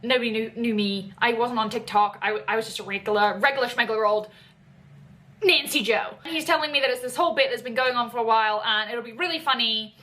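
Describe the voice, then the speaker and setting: A young woman casually telling a personal story, animated and jumping higher when she quotes people. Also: quick pace. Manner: animated, jumps up in pitch when quoting people. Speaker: podcast storyteller.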